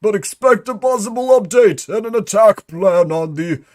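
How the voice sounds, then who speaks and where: A man's voice: sits high, animated, normal speed, darkish tone. A man voicing a male employee number fifty-three, a conspiracy-minded agent giving a theatrical, urgent report. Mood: conspiratorial. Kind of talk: dramatic reading of a mystery log.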